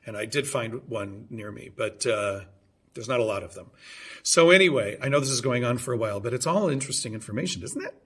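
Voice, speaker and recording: A man's voice: mid-range voice, lively intonation, a little fast, a bit bright, husky. A man in his fifties telling a rambling, casual story on his vlog, full of hesitations, fillers and restarts. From United States. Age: 50s. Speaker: vlogger.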